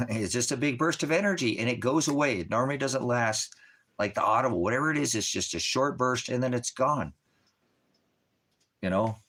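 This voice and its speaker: A man's voice: mid-range voice, normal speed, fairly bright tone. A man who leads a ministry, talking to viewers in a casual livestream, rambling, profane and emphatic. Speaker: ministry leader.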